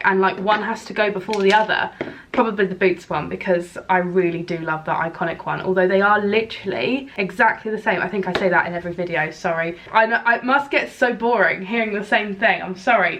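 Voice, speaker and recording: A woman's voice: medium pitch, fairly bright tone. A woman in her late twenties from England, chatting casually and rambling in a vlog. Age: 20s. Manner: chatty, rambling, self-deprecating. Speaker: vlogger.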